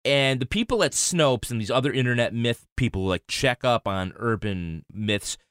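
A man's voice: medium pitch, lively intonation, moderate pace, fairly bright tone, clean tone, no echo, studio quality. A man co-hosting a podcast in casual chat, teasing and laughing often, then reading the show's outro. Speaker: podcast co-host.

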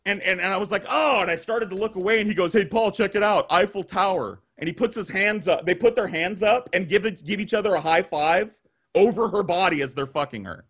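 A man telling a long story on a podcast, animated and profane, acting out the people he quotes, on a video call. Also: sits high, fast, breathy edge. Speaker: guest storyteller.

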